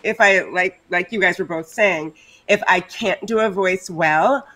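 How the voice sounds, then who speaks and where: A woman on a live stream panel who talks in a chatty, animated way and gives advice to listeners. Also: on the low side, a little slow. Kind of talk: casual panel discussion.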